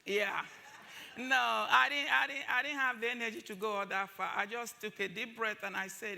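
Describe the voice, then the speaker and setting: A woman's voice: a little high, fairly even intonation, normal speed, creaky, pushed and bright. A woman giving an impassioned talk at a summit, driving points home by repeating phrases. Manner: emphatic, repeats phrases for force. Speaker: summit speaker.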